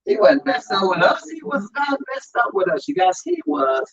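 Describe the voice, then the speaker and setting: A man's voice: very high-pitched, big pitch swings, moderate pace, gravelly, a bit bright, highs cut off. A man who works as an undertaker and hosts a show, talking emphatically about grief in a preaching style and calling out to the audience. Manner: emphatic, calls out to the audience with "y'all".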